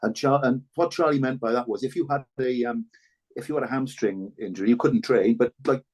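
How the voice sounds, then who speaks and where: An older man, a former rugby player speaking as a podcast guest, telling stories in a halting, earnest way with many restarts. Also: mid-range voice, darkish tone. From Wales. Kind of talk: reflective conversational storytelling.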